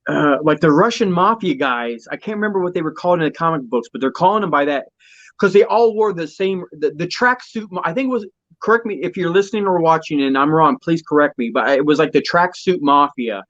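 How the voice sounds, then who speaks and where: A man co-hosting a podcast in casual chat, excitable and gushing, swearing now and then. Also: on the high side, fairly quick. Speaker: podcast co-host. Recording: dull lo-fi audio.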